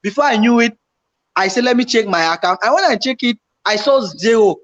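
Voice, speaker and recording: A man telling a story in casual chat, animated and repetitive as he acts out his own panicked remarks. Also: very high-pitched, a little fast. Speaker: YouTuber co-host. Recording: slightly dull lo-fi home recording.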